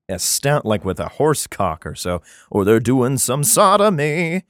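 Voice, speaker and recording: A man's voice: medium pitch, animated, unhurried, hardly any pauses, no room sound, clean studio sound. A man reading an old text aloud and breaking off into crude, mocking asides and laughter. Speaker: reader giving comic commentary.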